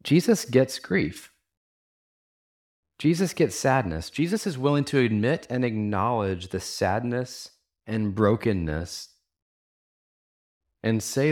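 A man's voice: mid-range voice, expressive, slow, long pauses, a little mellow. A man pastor giving a sermon in an earnest, conversational way, asking his listeners many rhetorical questions and using casual fillers.

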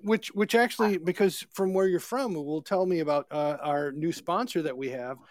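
A man's voice: a little high, normal speed, no echo, studio quality. A male radio host bantering flirtatiously with a caller and reading an ad.

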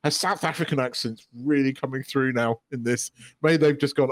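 A man's voice: mid-range voice, normal speed, dry recording. A man co-hosting a podcast, chatting casually and rambling with lots of restarts and swearing. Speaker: podcast co-host. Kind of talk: casual chat.

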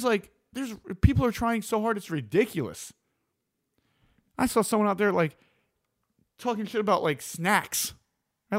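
A man delivering a blunt, opinionated monologue as a host, swearing freely and getting animated. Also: high voice, no echo, clean studio sound.

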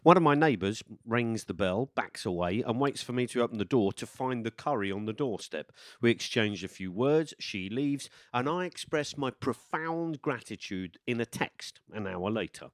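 A man's voice: mid-range voice, lively intonation, normal speed, hardly any pauses, dry recording, studio quality. A man presenting and narrating a documentary in a scripted, enthusiastic way.

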